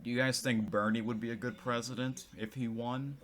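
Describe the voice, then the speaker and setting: A man's voice: medium pitch, little pitch movement, fairly quick, fairly bright tone. A man vlogging in casual commentary, rambling with many restarts and self-corrections. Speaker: vlogger reading tweets.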